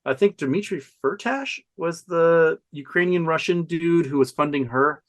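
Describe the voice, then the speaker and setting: A man talking as a podcast guest, telling a story in an animated, profane way and laughing often. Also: on the high side, a little slow. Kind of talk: casual storytelling chat.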